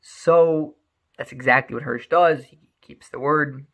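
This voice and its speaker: A man telling a folk story in a lively way, often repeating and restarting words. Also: a little high, measured pace, gravelly.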